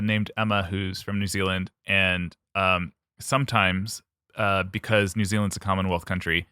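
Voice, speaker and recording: A man's voice: deep voice, sharp tone, smooth, dry recording, studio quality. A man from the United States co-hosting a podcast in casual chat, rambling with many fillers and laughing often. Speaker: podcast co-host.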